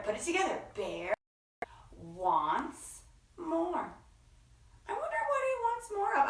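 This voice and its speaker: Woman reading kids' books aloud, really slow and bouncy, echoey room, mic kinda far. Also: medium pitch. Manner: expressive sing-song reading with gasps and acted character lines. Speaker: children's story time host.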